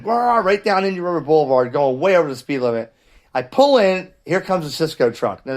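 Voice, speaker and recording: A middle-aged man, host of a hobby channel, telling a story in a casual vlog with an animated, exasperated delivery and frequent restarts. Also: fairly high pitch. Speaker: ham radio channel host.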